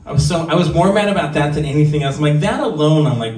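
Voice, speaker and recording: Talking fast with lively intonation, a Southern California comedian in his forties runs through a bar open-mic set. His voice is a little high with a darkish tone, and his stories are candid, chatty, and self-deprecating. Faint ambience and echo come through a distant mic.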